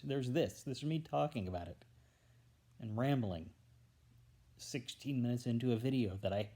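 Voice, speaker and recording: A man rambles on his own into a tablet held at arm's length, filling pauses with ums and uhs. He stammers and restarts often and wanders between thoughts without a clear point. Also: medium pitch, warm tone. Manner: hesitant, stammering, trails off with fillers. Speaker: vlogger. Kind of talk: rambling casual monologue to camera. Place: alone at home, indoors.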